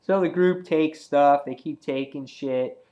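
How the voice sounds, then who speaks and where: A man's voice: on the high side, unhurried, mellow, muffled recording. A man reviewing a comic book in casual chat, rambling with many fillers and restarts as he retells the story.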